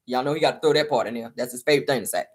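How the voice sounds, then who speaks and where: A woman's voice: rumbling low, racing, husky. A woman hosting a casual reality-show recap, talking to viewers as y'all and retelling what was said. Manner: chatty, addresses viewers as y'all, retells quotes.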